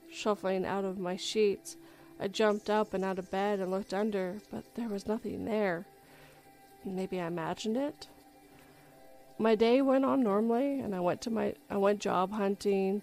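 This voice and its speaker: Casual woman host reading a creepy first-person tale, middle-pitched voice, faint music underneath. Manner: relaxed reading with frequent self-corrections. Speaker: story reader and livestream host. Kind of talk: reading a horror story aloud.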